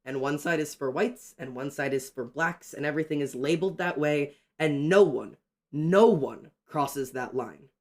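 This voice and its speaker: A young man chatting excitedly on a livestream while drawing, ranting and greeting his chat. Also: a little high, moderate pace.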